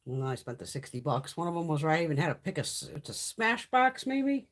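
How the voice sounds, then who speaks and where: With a low-sitting, very animated voice and a fairly quick pace, a middle-aged livestream host swears freely while chatting casually. She tells blunt stories and responds to comments read from her viewers' chat.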